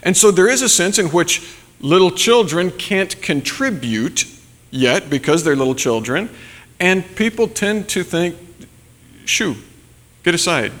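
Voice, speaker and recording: Pastor, male, slightly high voice, casual sermon with fillers, long hall reverb. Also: expressive, measured pace, fairly bright tone. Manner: conversational, many fillers and tag questions.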